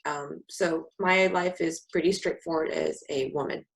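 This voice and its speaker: Low-pitched young woman from california, chatty and sarcastic, telling stories casually. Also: fairly even intonation, a little slow, rough recording. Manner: candid, sarcastic storyteller. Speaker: podcast co-host. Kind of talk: casual conversation.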